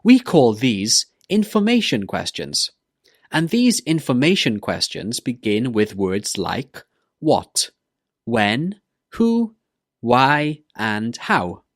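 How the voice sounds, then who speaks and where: A male pronunciation teacher talks slowly and deliberately, modelling example words and questions for listeners to repeat. His pitch moves in a lively way as he shows the intonation. The recording is dry and close. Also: no echo. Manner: slow, careful modelling of words and questions for repetition. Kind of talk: English pronunciation lesson.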